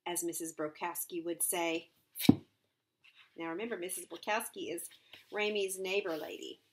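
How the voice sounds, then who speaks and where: A woman's voice: fairly low pitch, fairly even intonation, moderate pace, noisy background. A woman reading a novel aloud, adding conversational asides with hesitant fillers. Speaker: reader.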